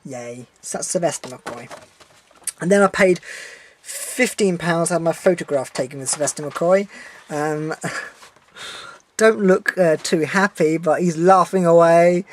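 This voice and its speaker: A young man talking to camera in a casual vlog from a room at home. He rambles on in an animated way, trips over his words and restarts often. He swears freely when he gets worked up. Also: fairly high pitch, measured pace, long pauses, a little hiss or hum. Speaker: vlogger.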